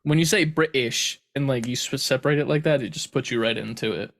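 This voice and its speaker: A man's voice: mid-range voice, fast talker, a bit bright. A man co-hosting a gaming podcast in casual chat, rambling through jokey stories. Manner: joking, rambling storyteller. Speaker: podcast co-host.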